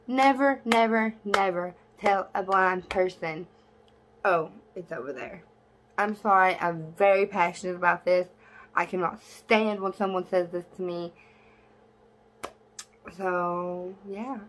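A young woman vlogging in a casual, blunt and sassy way, cursing freely, with her voice jumping high when she is exasperated. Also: fairly even intonation, measured pace, slight background noise. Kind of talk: casual talk to camera.

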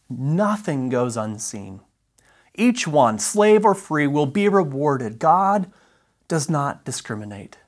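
Preacher, male, mid-range voice; measured, emphatic sermon delivery, slowing on key phrases. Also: mid-range voice. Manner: emphatic, deliberate teaching with slowed key phrases. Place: church.

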